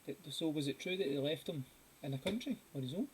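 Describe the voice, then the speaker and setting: A man's voice: on the high side, lively intonation, fast talker, poor audio. Scottish guy chatting n laughing while drawing, voice bounces around, light hiss. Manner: chatty and giggly, jumps between topics. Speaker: host of a live drawing stream. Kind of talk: casual chat while drawing. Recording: faint hiss.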